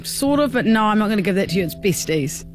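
A woman's voice: medium pitch, animated, fast, faint music behind. An Australian woman co-hosting a radio show, playful and giggly in casual banter. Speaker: radio co-host. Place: radio studio.

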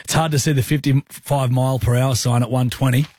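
A man co-hosting drive-time radio, cheeky and quick to laugh as he reads out listener stories. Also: medium pitch, little pitch movement, darkish tone, slightly rough. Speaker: radio co-host. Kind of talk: breakfast radio banter. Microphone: studio microphone.

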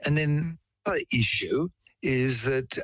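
A man's voice: mid-range voice, slow, a bit bright, dry recording, poor audio. A man in a casual chat, explaining medical ideas with everyday examples and telling a case story. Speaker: science explainer.

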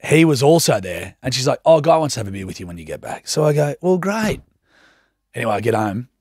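A man's voice: medium pitch, very animated, quick pace, darkish tone, no echo, clean studio sound. An Australian man in his thirties, a radio host telling a story on air and acting out everyone's lines.

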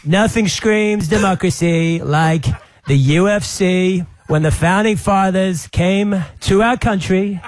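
A man's voice: sits high, slow pace. A man putting on an impression of a boastful former president, delivering rally-style bragging lines.

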